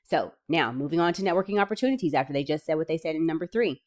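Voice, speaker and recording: A woman with a fairly low voice reads a list of grant benefits aloud. She keeps stopping to add casual, enthusiastic remarks to her viewers. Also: very fast. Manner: enthusiastic, chatty asides, bursts of excitement. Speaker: small business funding vlogger. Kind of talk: reading out grant details with casual commentary.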